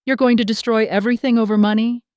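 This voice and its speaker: A woman voicing an angry adult daughter who shouts and then pleads, in scripted storytelling narration. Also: a little high, steady tone, quick pace, no echo, lo-fi sound, lightly acted. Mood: pleading.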